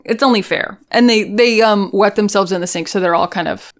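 A woman's voice: mid-range voice, fairly quick. A woman co-hosting a casual podcast chat, recapping an episode with jokes and acted-out lines. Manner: playful, jokey, acts out characters' lines.

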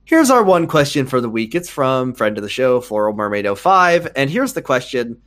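Excitable, swearing male podcast host. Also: medium pitch, normal speed. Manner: excitable, swearing, animated outbursts. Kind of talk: casual comedic chat.

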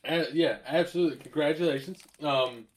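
A man's voice: fairly high pitch, fairly quick. A man co-hosting a podcast, joking and swearing casually and laughing often. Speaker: podcast co-host.

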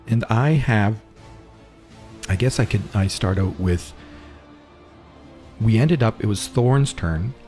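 Low-voiced man running a tabletop game. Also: takes it slowly, pauses often, soft background music. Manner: relaxed, rambling with restarts. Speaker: game master.

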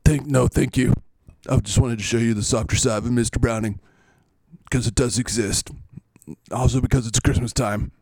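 A man's voice: medium pitch, steady tone, moderate pace, a little mellow, dry recording, close to an everyday voice. A man playing a boastful adult quarterback who keeps repeating his own feats in a self-important way. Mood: sentimental. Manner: repetitive, bragging, self-important.

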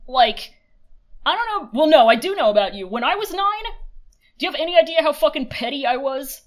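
A woman's voice: high-pitched, lively intonation, brisk. A woman co-hosting a casual podcast recap, swearing freely, laughing often and mocking the characters. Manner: swears freely, laughs a lot, mocks characters in silly voices. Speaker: podcast co-host. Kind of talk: casual chat recapping a show.

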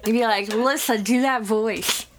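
A woman's voice: fairly high pitch, measured pace, a crowd in the background. A young woman co-hosting a podcast, chatting in a giggly, playful way. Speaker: podcast co-host. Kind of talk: casual podcast chat.

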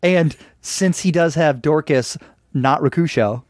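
Joking man with a slightly high voice. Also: a little mellow, no echo, studio quality. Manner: joking, acts out quotes in quick voices. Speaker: podcast co-host. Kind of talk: casual chat.

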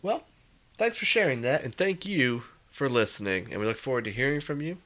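Man hosting a podcast, bright tone, teasing casual talk. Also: mid-range voice, expressive, a little fast. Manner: laughs easily, teasing. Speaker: podcast co-host. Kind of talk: casual chat.

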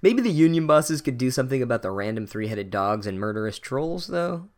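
A man's voice: medium pitch, very animated, brisk. A man giving a sarcastic, exasperated and profane comedic book recap. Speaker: book reviewer.

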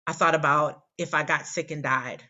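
A woman's voice: low-pitched, fairly even intonation, moderate pace, sharp tone, lo-fi sound. A woman in her forties, a poet guest telling a rambling, candid, self-deprecating story in casual interview chat. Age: 40s.

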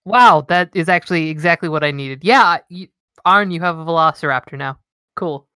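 A woman's voice: low voice, normal speed, sharp tone, smooth, no room sound, studio quality. A woman playing a tabletop game, hesitant and laughing. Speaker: player. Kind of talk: casual tabletop game chat.

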